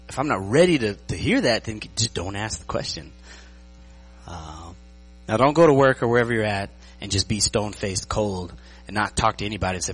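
A man's voice: lowish voice, slightly rough, low-quality recording. A man preaching a sermon as pastor, joking and often checking that his listeners are following him. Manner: lively, joking, checks in with the audience.

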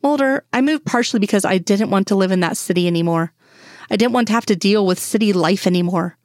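A woman voicing an exasperated grown woman, a sharp FBI doctor, in a fan story reading. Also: medium pitch, fast talker, no room sound, clean studio sound, natural voice. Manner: exasperated, pleading.

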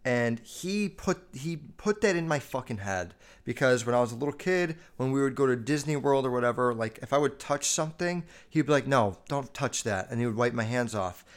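A young American man hosting a casual solo podcast, telling stories in a loose, profane, animated way. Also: clear, resonant tone. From United States. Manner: profane, animated storytelling with quick jumps in pitch and loudness. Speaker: podcast host.

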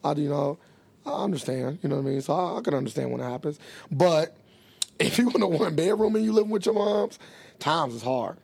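Man, podcast co-host, crude and boisterous, gravelly voice, husky, a little high. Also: expressive, fairly quick, a little mellow. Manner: boisterous, crude joking, laughs often. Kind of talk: casual podcast chat.

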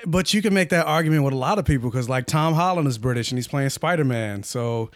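A man's voice: mid-range voice, lively intonation, quick pace, dry recording, clean studio sound. Teasing male podcast co-host. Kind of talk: casual podcast chat.

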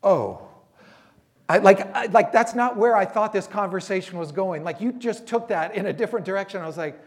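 A man's voice: high-pitched, brisk. A man preaching a sermon as a pastor, conversational and storytelling, voicing quotes from people he talks about.

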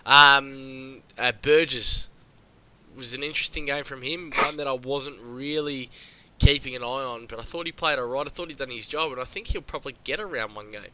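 A man's voice: medium pitch, normal speed, pushed and bright. A man co-hosting a podcast in casual chat, upbeat and asking his partner questions. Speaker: podcast co-host. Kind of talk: casual fantasy sports chat.

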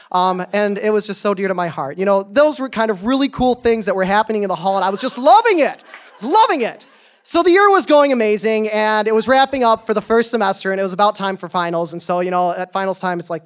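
A young man in his twenties telling a personal story on stage, animated and goofy, chatty with lots of fillers. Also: sits high.

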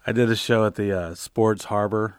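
A man's voice: lowish voice, steady tone, moderate pace, slight background noise. A man co-hosting a casual comedy podcast, rambling through stories and laughing often. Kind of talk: casual chat.

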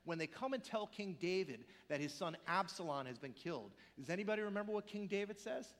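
Pastor guy preaching, fairly high voice, goes loud then drops way down to a whisper, long church reverb. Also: very animated, fairly quick. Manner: dynamic preaching, swinging from loud emphatic peaks to hushed whispered quotes. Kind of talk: sermon.

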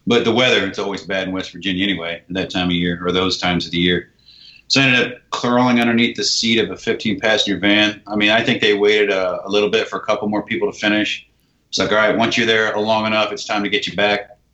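Man guest, low and forceful, animated storyteller; roomy, dull lo-fi recording. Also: fast talker. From United States. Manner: animated, acts out dialogue, swears casually. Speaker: guest, army veteran. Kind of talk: casual storytelling.

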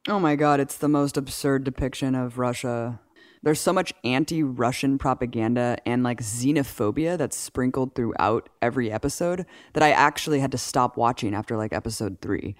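A woman co-hosting a podcast in casual chat, animated and peppered with 'like'. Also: very deep voice, moderate pace, no echo, clean studio sound. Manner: animated, heavy use of 'like'. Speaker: podcast co-host.

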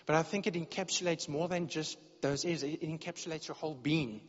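A man's voice: on the high side, fairly quick. A man preaching a sermon in a church, earnest and direct, often repeating words as he searches for the phrase. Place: church hall. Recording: dull lo-fi sound with long hall reverb.

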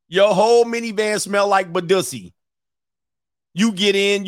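A man hosting a live stream as a dating coach, ranting comically and acting out both sides of a story in quick voices, laughing often. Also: high-pitched, a bit bright, no echo, clean studio sound. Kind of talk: casual comedic rant.

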